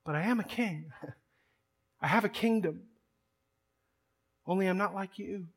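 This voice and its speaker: A man delivers a sermon with emphatic conviction, doubling his words as he presses each point. His voice sits high for a man. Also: unhurried, vocal fry, breathy edge. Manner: emphatic preaching, repeats words when building a point. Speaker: pastor.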